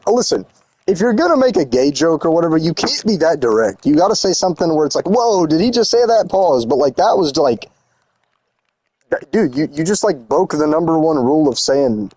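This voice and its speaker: A man's voice: on the high side, sing-song, normal speed, a little mellow, slightly rough, no room sound. A young man streaming a game, chatting casually and teasing his chat in slangy, rambling talk while he builds.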